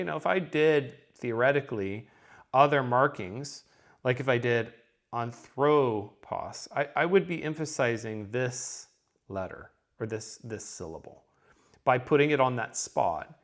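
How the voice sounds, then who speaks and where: A man's voice: medium pitch, fairly bright tone. A man teaching a recorded lesson, explaining step by step with frequent ums and a checking "okay?".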